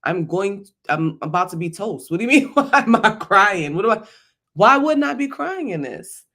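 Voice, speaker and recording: A woman's voice: medium pitch, very animated, moderate pace, a bit bright, voice pushed up. A man doing an exasperated desperate mother. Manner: exasperated, pleading disbelief. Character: distraught mother stranded in the desert.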